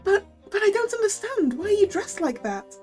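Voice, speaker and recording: A woman voicing an excitable, flustered young male defendant in a video game, with high, breathless exclamations. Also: normal speed, soft background music. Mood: confused.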